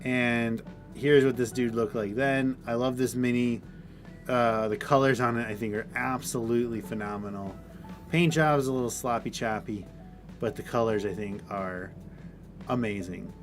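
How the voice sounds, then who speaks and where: A man's voice: medium pitch, steady tone, normal speed, soft background music. A man co-hosting a casual chat, laid-back and joking as he talks about miniatures. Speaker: co-host reviewing miniatures.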